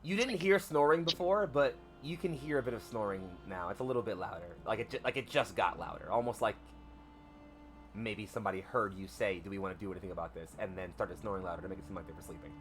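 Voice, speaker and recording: A man narrating as game master in a tabletop game, relaxed and sometimes stumbling over his words. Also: on the low side, quick pace, faint music behind.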